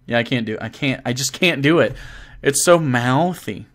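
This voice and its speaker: A man's voice: medium pitch, brisk. A man streaming live and casually answering his chat, joking, teasing and swearing. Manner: joking and profane, teasing viewers.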